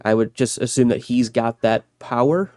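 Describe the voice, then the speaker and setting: A man's voice: mid-range voice, normal speed, darkish tone, dry recording. Thoughtful male podcast co-host, dry sound. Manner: thoughtful, laughs often, hesitant restarts. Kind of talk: casual chat.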